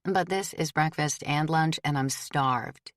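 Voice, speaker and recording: A woman voicing a busy female nurse who chats in a rushed, friendly way. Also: low voice, no echo, clean studio sound. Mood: chatty. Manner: chatty, rushed.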